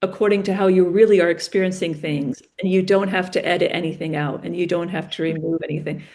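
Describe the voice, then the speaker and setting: A woman's voice: fairly low pitch, fast. A woman, a podcast guest, telling stories in casual conversation and acting out the dialogue. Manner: animated, acts out dialogue in stories. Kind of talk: conversational storytelling.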